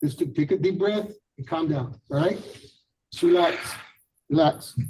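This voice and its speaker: A high-pitched man presides as judge, calling cases and giving firm instructions. He repeats himself steadily to calm a defendant and lay out release orders. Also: unhurried, a little hiss or hum, low-quality recording. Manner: firm, repetitive, calming commands. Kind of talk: courtroom hearing. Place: courtroom.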